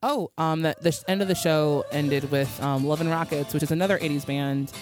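A woman's voice: low voice, fairly even intonation, brisk, over music. A young woman co-hosting a podcast, chatting casually with lots of fillers and laughs. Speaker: podcast co-host. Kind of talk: casual chat.

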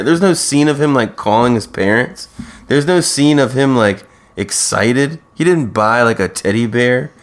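A man co-hosting a podcast, chatting casually and hesitantly as he recaps a TV show. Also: mid-range voice. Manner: hesitant, with frequent restarts and "like". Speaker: podcast co-host.

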